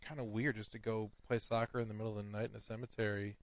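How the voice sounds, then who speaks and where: A man co-hosting a comedy podcast in casual chat, laughing often and getting excited. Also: on the low side, fast talker, dry recording, muffled recording. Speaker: podcast co-host.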